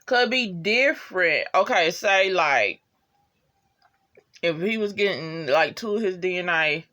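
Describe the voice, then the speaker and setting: Vlog reviewer, middle pitch, slangy, profane, rambling, filler-heavy. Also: a little slow. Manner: rambling, slangy and profane, full of "you know" asides; animated, laughs at favorite moments. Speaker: TV show reviewer. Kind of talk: casual episode review vlog.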